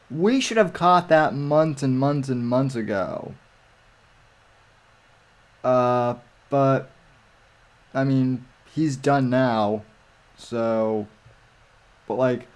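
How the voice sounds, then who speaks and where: A man chatting slowly and loosely on a live stream, stumbling through restarts and fillers as he goes. His pitch sits in an ordinary middle range. He sounds like a regular host talking over a video call. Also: lively intonation. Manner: rambling, many restarts and fillers. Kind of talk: casual stream chat.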